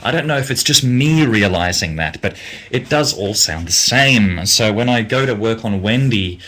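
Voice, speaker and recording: A young Australian man, a music producer, answering viewer questions in a casual live Q&A, halting with many ums and restarts, blunt in his opinions, and getting tired. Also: fairly low pitch, animated, fairly bright tone.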